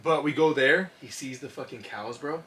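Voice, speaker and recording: A man co-hosting a casual comedy podcast, telling stories with lots of swearing and bursts of shouting. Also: medium pitch, moderate pace, background noise. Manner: profane storytelling, shouts when acting out scenes. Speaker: podcast co-host.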